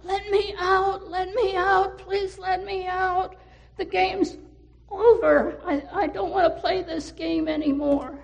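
A woman's voice: very high voice, fairly even intonation, slow, creaky, in a large hall, pitched above the performer's own voice, full character voice. A woman voicing a frightened little girl trapped and begging to be let out in a told story. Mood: pleading.

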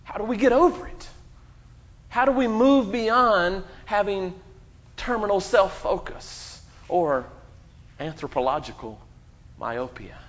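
A man pastor delivering a sermon, preaching emphatically with dramatic pauses and quoting scripture. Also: animated. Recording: muffled low-fidelity sound.

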